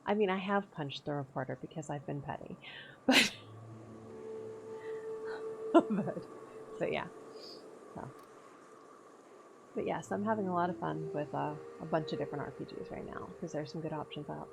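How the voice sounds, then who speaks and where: A woman's voice: sits low, normal speed, gravelly, pauses often, noisy background. A woman streamer chatting casually over gameplay, laughing often and swearing freely. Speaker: game streamer.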